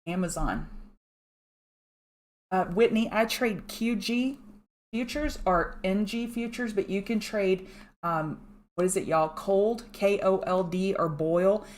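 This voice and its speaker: A woman giving fast, chatty live chart commentary from home and thanking viewers by name. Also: medium pitch, a little mellow. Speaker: market analyst host. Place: home room.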